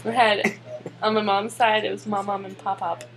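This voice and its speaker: Young woman, giggly and casual, mid-pitched voice. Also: little pitch movement, normal speed, crowd noise. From Spartanburg, South Carolina. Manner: giggly, laughs between words. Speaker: vlogger. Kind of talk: casual chat reading a word list.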